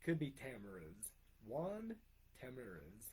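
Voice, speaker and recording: A man's voice: medium pitch, wildly swooping pitch, slow pace, warm tone, slightly rough. A man co-hosting a wrestling podcast, running a quiz game with casual banter, often counting tallies under his breath.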